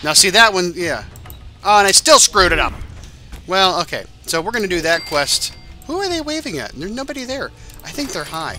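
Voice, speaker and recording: A man's voice: high-pitched, big pitch swings, moderate pace, bright, forceful tone, faint music behind. A man hosting a let's-play, chatting casually as he plays, rambling and swearing now and then, a little tired. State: tired, yawning. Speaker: game channel host.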